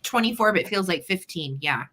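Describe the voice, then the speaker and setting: A woman's voice: on the low side, lively intonation, brisk, noisy background. A woman hosting a casual live sale stream from home, chatting and greeting viewers one by one. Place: upstairs at home.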